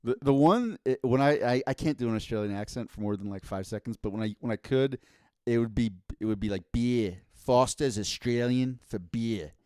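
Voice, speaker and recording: A man's voice: medium pitch, fast talker, mellow, no echo, clean studio sound. A man co-hosting a podcast in casual chat, giving opinions with eager restarts. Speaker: podcast co-host.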